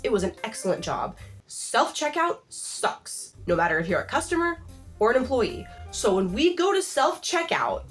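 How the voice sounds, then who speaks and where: Young woman vlogger, a bit high-pitched, exasperated comic rant full of "like", faint music underneath. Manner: exasperated, animated, heavy use of "like". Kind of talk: comedic storytime rant.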